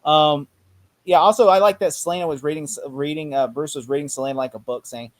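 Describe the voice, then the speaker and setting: A man's voice: on the high side, fairly even intonation, brisk, dry recording. A man hosting a casual chat, animatedly acting out lines from scenes, with many fillers. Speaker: podcast host.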